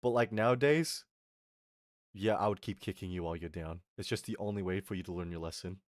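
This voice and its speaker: Young man, streamer rant, animated and sweary, close dry mic. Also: sits low, a little fast, no room sound. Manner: animated, swears a lot, flips between mutters and yells. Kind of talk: casual storytelling rant on a live stream.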